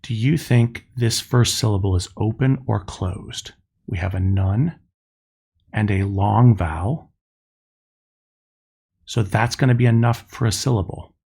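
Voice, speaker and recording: A middle-aged man teaching a recorded lesson, explaining step by step and spelling out sounds slowly. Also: fairly low pitch, gravelly, darkish tone, slightly rough. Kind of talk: recorded classroom lecture.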